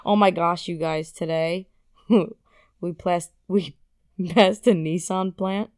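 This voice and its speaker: A woman's voice: fairly low pitch, takes it slowly, smooth, no echo, clean studio sound. A woman guesting on her partner's podcast, chatting casually and laughing often. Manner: giggly, expressive, swears casually. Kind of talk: casual chat.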